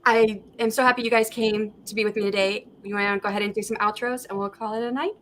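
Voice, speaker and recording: A woman's voice: medium pitch, fairly even intonation, quick pace, fairly bright tone, slight background noise. A woman hosting a live video-call stream, chatting casually and laughing easily. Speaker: livestream host. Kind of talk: casual chat.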